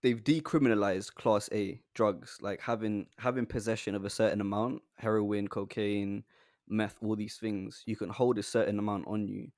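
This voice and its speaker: A man's voice: lowish voice, steady tone, moderate pace, darkish tone, no room sound, clean studio sound. A man co-hosting a casual podcast chat, slangy and laid-back, often laughing. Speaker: podcast co-host.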